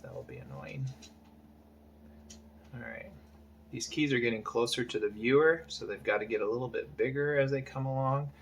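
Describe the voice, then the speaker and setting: A man's voice: lowish voice, big pitch swings, moderate pace, creaky, pauses often, a little hiss or hum. A man talking through his drawing process in a casual tutorial, thinking aloud and hesitating, often dropping to half-whispered asides. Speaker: art instructor.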